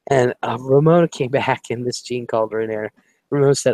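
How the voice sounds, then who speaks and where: A man's voice: medium pitch, fairly quick, dry recording. A man from Ohio telling a rambling personal story in casual chat. He swears freely and acts out the voices of the people in it. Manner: animated, profane, acts out quoted voices.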